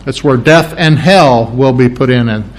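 A man's voice: medium pitch, a little slow, poor audio. A man preaching a sermon, explaining verses with emphatic repetition. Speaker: pastor.

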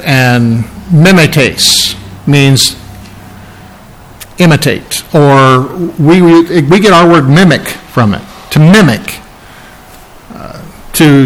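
A man's voice: a little high, a bit bright, rough recording. A man preaching an expository sermon, teaching earnestly and repeating phrases for emphasis. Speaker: pastor.

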